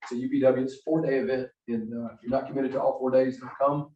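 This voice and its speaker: A man with a Southern accent, casually hosting an office event with relaxed, rambling remarks full of fillers. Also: mid-range voice, quick pace. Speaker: host. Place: office meeting room. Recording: echoey room, far from mic, muffled.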